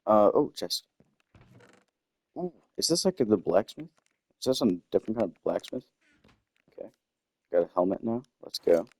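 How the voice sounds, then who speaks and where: A young man with a low voice tells a story in a casual, rambling way while he plays a game. He keeps stopping mid-thought to comment on the game, then picks the story back up. His desk mic gives a close, dry sound. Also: expressive, moderate pace, gravelly, long pauses, a little mellow, no room sound. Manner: rambling, self-interrupting with game asides. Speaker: gaming storyteller. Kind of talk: casual storytelling over gameplay. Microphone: desktop microphone.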